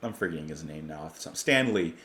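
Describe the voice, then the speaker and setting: Excitable male music reaction host. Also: extremely low pitch, moderate pace. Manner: excitable, enthusiastic, laughs often. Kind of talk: casual reaction commentary.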